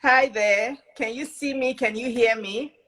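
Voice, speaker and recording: A woman's voice: fairly high pitch, a little slow, poor audio. Chatty woman hosting a live show. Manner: warm and repetitive, greets and welcomes over and over. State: has a cough drop in her mouth. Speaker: host. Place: home.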